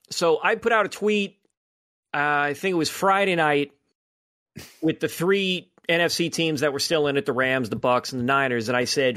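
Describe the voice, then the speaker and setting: A man's voice: fairly high pitch, a bit bright. A man co-hosting a podcast, telling long rambling anecdotes with plenty of fillers. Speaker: podcast co-host. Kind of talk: casual sports chat, storytelling.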